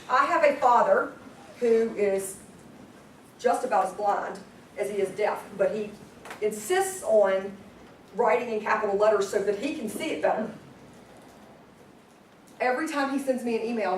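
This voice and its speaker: A woman leading a live sales training class, energetic and constantly quizzing her audience. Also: medium pitch, normal speed, long pauses, slight background noise. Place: meeting room with a group. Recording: echoey room, distant mic.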